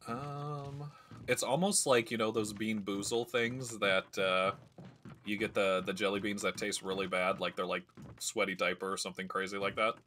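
A man's voice: on the low side, fairly even intonation, moderate pace, sharp tone, a little hiss or hum. A man streaming a video game, chatting casually and rambling through stories as he plays. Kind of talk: casual gameplay commentary.

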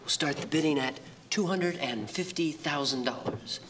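A comic performer playing an auctioneer who runs bids with brisk patter. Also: mid-range voice, noisy background. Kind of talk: comic sketch.

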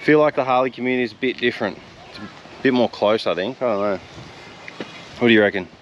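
Vlogging on a windy day beside a road and beach, this young Australian man chats casually and easily in a fast, medium-pitched voice. The recording sounds muffled and picks up outdoor wind and traffic.

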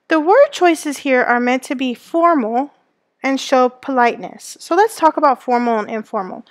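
A woman's voice: high-pitched, animated, moderate pace, no echo. A woman teacher giving a recorded lesson to students. She explains step by step and keeps checking in with them with "okay?" and "right?".

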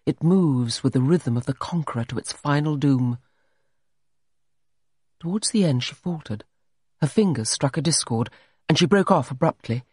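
A man's voice: fairly high pitch, darkish tone, husky, dry recording, studio quality. A man narrating a story in a scripted, dramatic reading style. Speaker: audiobook narrator.

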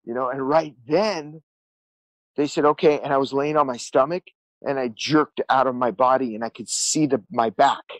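A man's voice: medium pitch, normal speed, fairly bright tone, no room sound, low-quality recording. A man telling his life story as a podcast guest, earnest and rambling, repeating words and acting out what people said. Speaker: guest musician. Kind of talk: candid storytelling interview.

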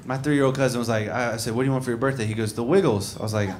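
A young man performing a stand-up comedy set on stage, telling stories conversationally and acting out lines from children and others before shouting the punchlines. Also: mid-range voice, fairly even intonation, racing. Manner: conversational storytelling, acts out kids and shouts punchlines. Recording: live club recording with crowd noise. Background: audience laughter.

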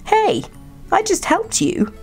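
A woman voicing a young male polar bear cub in a storybook, earnest and kind, in a raised bright voice. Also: mid-range voice, lively intonation, moderate pace, faint music behind, natural voice. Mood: indignant.

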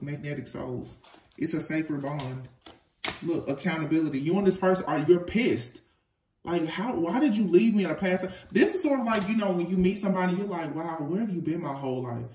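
Male tarot reader, slightly high voice, lively and chatty, off-mic in a reverberant room. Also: distant mic. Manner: animated, chatty, laughs often, informal slang. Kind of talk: casual tarot reading to camera. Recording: echoey room, off-mic, faint noise.

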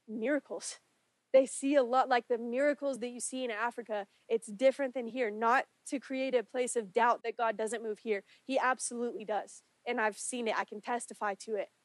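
Woman pastor preaching a sermon, earnest, pleading, slightly raised pitch, dry close sound. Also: no echo. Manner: earnest, pleading, rising in intensity during prayers. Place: church sanctuary.

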